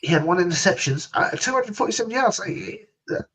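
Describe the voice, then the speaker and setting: A man's voice: high-pitched, expressive, fairly quick, crowd noise, rough recording. A man hosting a casual sports podcast, ranting sarcastically and laughing. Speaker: podcast host.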